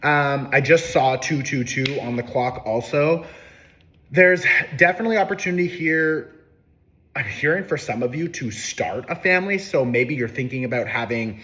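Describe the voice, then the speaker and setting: A man's voice: mid-range voice, normal speed, bright, forceful tone. A man giving a casual, upbeat horoscope and tarot reading, talking loosely with plenty of fillers. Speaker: tarot reader.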